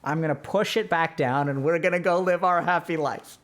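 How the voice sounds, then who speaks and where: A man's voice: a little high, normal speed, fairly bright tone, lightly acted. A man voicing his own panicked inner mind, whining and insisting it keep buried feelings down. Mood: pleading. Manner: whiny, insistent, slangy.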